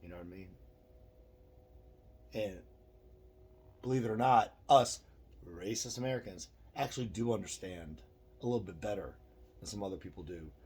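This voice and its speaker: A man's voice: fairly low pitch, darkish tone, slight background noise. A middle-aged man vlogging a rambling, profane opinion monologue with self-deprecating asides.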